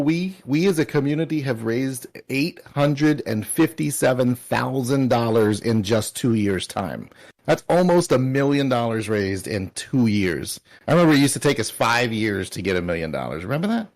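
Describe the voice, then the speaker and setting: A man's voice: medium pitch, expressive, normal speed. A man co-hosting a charity closing ceremony, upbeat and laughing easily as he reads names from chat. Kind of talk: casual live-stream chat.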